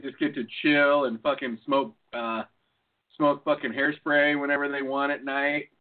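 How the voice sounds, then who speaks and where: A man's voice: mid-range voice, level tone, moderate pace. A man co-hosting a podcast, chatting loosely and profanely and laughing often. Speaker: podcast co-host. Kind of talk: casual profane chat. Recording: phone-like lo-fi sound.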